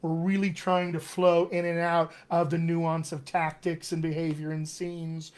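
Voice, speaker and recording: A man's voice: a little high, monotone, measured pace, darkish tone, smooth. Enthusiastic male dialect coach. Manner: enthusiastic, demonstrates sounds, reads viewer comments aloud. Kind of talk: live-streamed accent Q&A.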